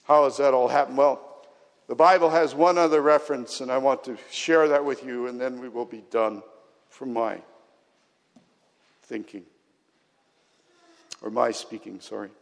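A man's voice: medium pitch, moderate pace, long pauses. Man, pastor, sermon, earnest, emphatic builds, lingering church reverb. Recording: long hall reverb.

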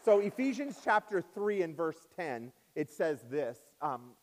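A man preaching a sermon as pastor in a church, swinging up and down in pitch and loudness and stretching out key words. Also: very animated, unhurried, long reverb tail, slight background noise. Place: church sanctuary.

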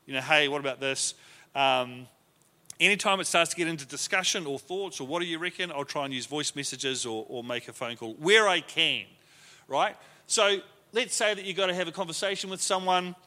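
Guy teaching a leadership class, chatty, acts out quotes, bright voice with long hall reverb. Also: fairly high pitch, moderate pace. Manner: conversational, often acting out quoted lines. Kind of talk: teaching a class to a live group.

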